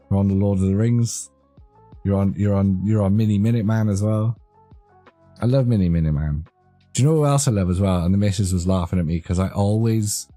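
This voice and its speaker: A man's voice: sits low, mellow, no echo. A young man chatting casually with his live-stream audience, rambling and joking, easily amused. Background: faint background music.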